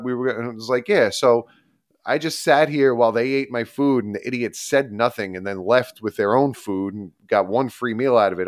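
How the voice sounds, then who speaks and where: A man co-hosting a podcast, telling a long story in a rambling, animated, casual way with frequent laughs. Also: mid-range voice, a little fast, dry recording, studio quality. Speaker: podcast co-host.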